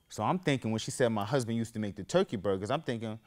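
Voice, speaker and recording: Rambling man telling stories, lowish voice. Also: very fast, hardly any pauses. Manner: rambling, goes off on tangents; animated, raises voice when quoting others. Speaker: podcast host. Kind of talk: casual storytelling monologue.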